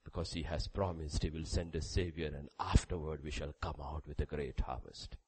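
A man preaching a sermon, reading scripture aloud, with sudden loud rises and quiet drops. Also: extremely low pitch, fairly even intonation, normal speed, slightly rough, rough recording. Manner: reads scripture aloud with emphasis.

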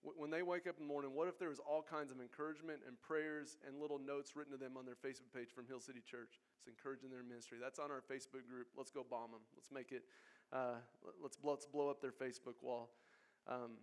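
A man's voice: mid-range voice, level tone, quick pace. A man preaching a sermon as pastor, earnest and exhorting his congregation. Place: church sanctuary.

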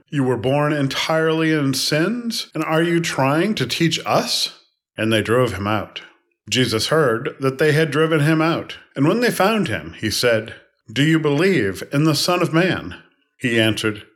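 A man reading scripture aloud in a measured way, pausing at each phrase. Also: medium pitch. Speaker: scripture reader.

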